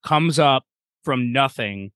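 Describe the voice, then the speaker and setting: A man co-hosting a sports podcast, talking in an excitable, casual way, swearing freely and repeating his points. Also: medium pitch, slow, no echo. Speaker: podcast co-host.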